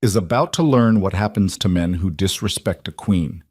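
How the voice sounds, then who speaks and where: A man voicing a soft-spoken, menacing mafia boss. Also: moderate pace, husky, no room sound, clean studio sound. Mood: quiet menace. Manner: low, soft and dangerous.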